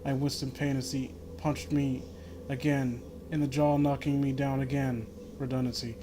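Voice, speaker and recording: A man's voice: mid-range voice, level tone, normal speed. A man reading an amateur horror story in the first person, breaking off for wry offhand asides. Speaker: reader of a horror fan story. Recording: noisy home recording.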